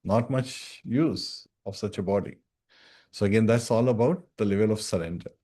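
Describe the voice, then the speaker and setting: A man's voice: lowish voice, normal speed, dark tone. Earnest male devotional teacher. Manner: earnest and instructive, addresses listeners as dear devotees; recites Sanskrit verses, often adds "right?". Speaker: scripture class teacher. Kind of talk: devotional scripture talk.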